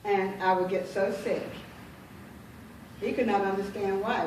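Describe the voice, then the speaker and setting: A middle-aged woman gives a heartfelt testimony at a women's conference, her speech halting and circling back on repeated phrases. Her voice sits at a middling pitch and is caught from some distance by the mic. It rings through a big, very echoey hall over a faint hiss. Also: fairly even intonation, a little mellow. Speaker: conference speaker, prophetess. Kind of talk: personal testimony.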